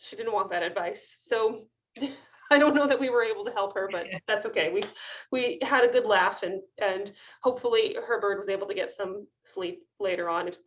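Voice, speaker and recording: A woman's voice: mid-range voice, normal speed, slight background noise. A woman in her thirties, an avian veterinarian, telling funny clinic stories in a casual webinar talk over a video call, chatty, laughing often, with many ums and restarts.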